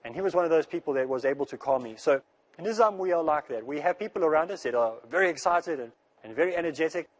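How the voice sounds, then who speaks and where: A man giving an earnest religious lecture in a rushing, rapid delivery, repeating phrases to make his point. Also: a little high, lively intonation. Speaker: Islamic speaker.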